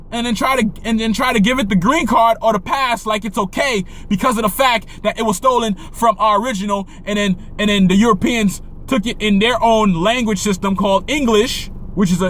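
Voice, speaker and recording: A young man preaches his point in a fast, profane rant, circling back on his words and firing off rhetorical questions. His voice sits high and swings widely up and down. Faint noise hums behind him. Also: a bit bright. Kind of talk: impassioned monologue rant.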